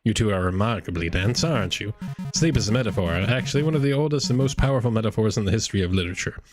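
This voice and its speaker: A man voices a superior, lecturing librarian. He talks down to his visitors in a lowish voice. Game music plays underneath. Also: expressive, rapid-fire, lightly acted. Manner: condescending, lecturing. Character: haughty male librarian, scornful and superior.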